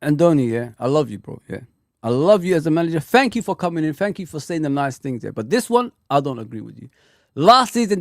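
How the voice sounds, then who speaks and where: A man's voice: high-pitched, dry recording, studio quality. A man ranting angrily on a live fan stream, swearing often and repeating himself. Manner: angry, sweary, repetitive ranting.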